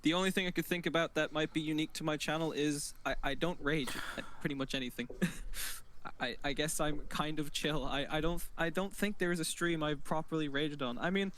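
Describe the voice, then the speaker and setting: A man's voice: fairly high pitch, steady tone, a little fast, fairly bright tone, slight background noise. A man guest in a casual podcast chat, laughing often and hesitating with lots of fillers. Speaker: streamer guest.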